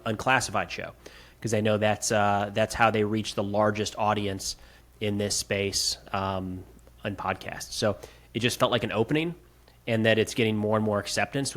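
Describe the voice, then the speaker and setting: Low-voiced young male podcast co-host. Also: a bit bright. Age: young adult. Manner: thoughtful, explanatory. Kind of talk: casual podcast chat.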